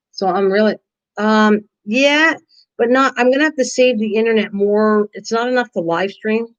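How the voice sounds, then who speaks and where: An older woman hosting a casual live stream, rambling chattily and answering viewers' comments by name. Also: mid-range voice. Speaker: live-stream craft host. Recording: dull lo-fi stream audio.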